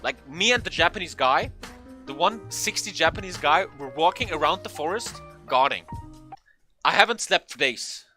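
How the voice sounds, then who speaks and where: A young man telling a funny story in a casual, animated way, swearing often and acting out what people said. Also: a little high, normal speed, soft background music. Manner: animated, swearing, acts out quotes in a raised voice. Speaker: vlogger.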